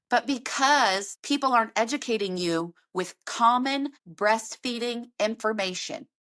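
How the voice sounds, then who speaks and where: A woman's voice: mid-range voice, fairly bright tone. Earnest woman podcast host, emphatic. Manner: earnest, emphatic, repeats key phrases. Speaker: lactation consultant and podcast host. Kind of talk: casual podcast monologue.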